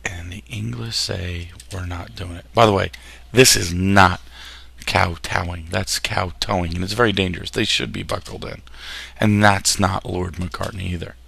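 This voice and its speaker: A man's voice: low voice, fairly even intonation, moderate pace, gravelly, pushed and bright, breathy edge, dry recording. A man teaching a history lesson over slides, casual and jokey, often tripping over words and restarting them. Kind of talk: classroom lecture over slides.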